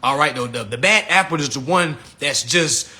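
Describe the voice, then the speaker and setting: Moderately paced and full of slang, this man's livestream rant is lively and loose. As host, he drops to low mutters, bursts into shouts, and laughs at his own jokes.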